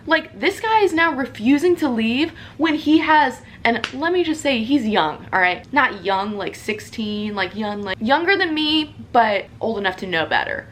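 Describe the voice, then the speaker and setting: A woman's voice: a little high, expressive, moderate pace, few pauses, a bit bright, slight background noise. A young woman telling a story from her home in a casual vlog, chatty and full of "like" and "you know". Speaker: social media creator.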